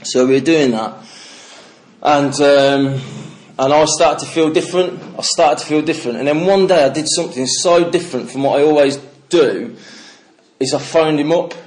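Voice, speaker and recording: Middle-aged man from the Midlands, slightly high voice, blunt sweary storyteller sharing his recovery story. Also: moderate pace, darkish tone. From English Midlands. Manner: candid, swearing, storytelling with laughs. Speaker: recovery speaker. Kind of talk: personal testimony to a meeting.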